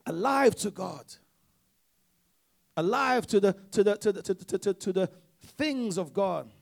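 A man's voice: high-pitched, lively intonation, unhurried, creaky. A man preaching a sermon with call-and-response exhortations, often restarting his words in repetitive bursts.

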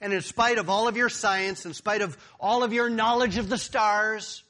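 A man's voice: high-pitched, steady tone, moderate pace, bright, forceful tone. A man preaching a sermon, building to emphatic peaks as he reads and explains scripture. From United States. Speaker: pastor.

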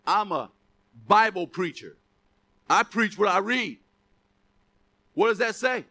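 A man's voice: high voice, expressive, slow pace, bright, forceful tone. A male preacher giving a casual, conversational sermon, often asking the congregation questions.

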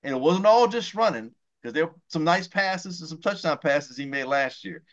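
Man, podcast co-host, heated rant, swears a lot, slightly high voice, dull lo-fi sound. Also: animated, moderate pace. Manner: heated, ranting, swears often. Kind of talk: casual sports talk.

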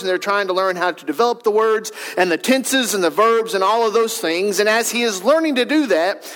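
A man's voice: high-pitched, fairly bright tone, in a large hall, low-quality recording. A man in his thirties preaching a sermon in a church, in a folksy, conversational storytelling way. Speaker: pastor. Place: church sanctuary.

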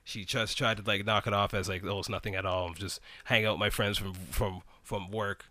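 A young man telling a slang-heavy story in an animated way during a casual chat. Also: on the low side, a little fast, no echo.

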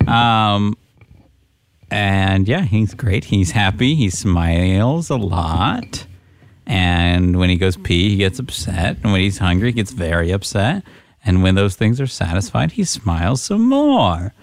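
A young man hosting a podcast, telling a story in a rambling, halting way with many fillers. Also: sits low, big pitch swings. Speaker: podcast host. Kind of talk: casual podcast chat.

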